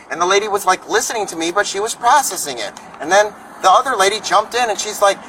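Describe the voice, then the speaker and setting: A man's voice: high voice, lively intonation, fast talker, pushed and bright. An angry man ranting profanely at police outdoors, agitated and defiant. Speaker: homeless activist confronting police. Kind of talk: angry street confrontation. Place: outdoors in a parking lot. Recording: distant bodycam audio with background noise.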